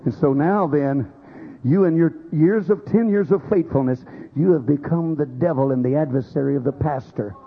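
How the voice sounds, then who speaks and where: A man's voice: fairly high pitch, moderate pace, gravelly, slightly rough, dull audio. A man preaching a sermon, acting out quoted voices as he goes. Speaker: pastor.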